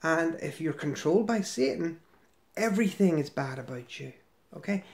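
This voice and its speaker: A man's voice: fairly high pitch, expressive, normal speed, gravelly. A middle-aged man giving casual, sarcastic commentary as he scrolls through a website, rambling with fillers and restarts. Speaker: ex-member commentator.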